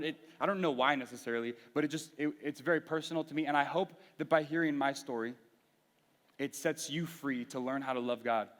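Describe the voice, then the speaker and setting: A young man preaching to a youth group, telling a personal story candidly and earnestly, with frequent restarts. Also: fairly high pitch. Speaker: youth pastor. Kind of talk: sermon. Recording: reverberant hall.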